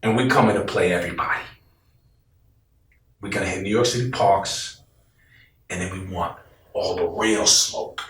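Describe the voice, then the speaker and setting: This interviewee, who was once on the team, speaks in a low voice at a moderate pace, pausing often. He tells his story bluntly, swears a lot, and acts out quotes from others, all heard through a roomy, distant-mic echo.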